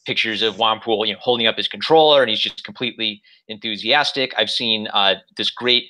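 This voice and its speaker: A man's voice: lowish voice, fairly quick, sharp tone, rough recording. A male host interviewing a guest over a video call, thoughtful and rambling as he works through his ideas. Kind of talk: casual interview chat.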